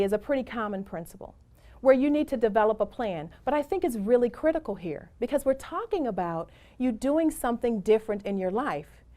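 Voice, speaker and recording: A woman's voice: fairly high pitch, darkish tone. A middle-aged woman giving a motivational presentation, speaking in an emphatic, encouraging way and telling personal stories.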